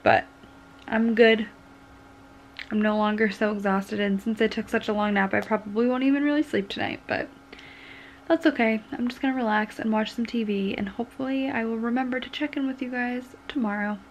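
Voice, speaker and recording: Chatty young woman vlogging, bit high. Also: steady tone, fairly quick, a little hiss or hum. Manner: chatty, rambling, lots of "like" and "um". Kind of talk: casual chat to camera. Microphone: handheld compact camera.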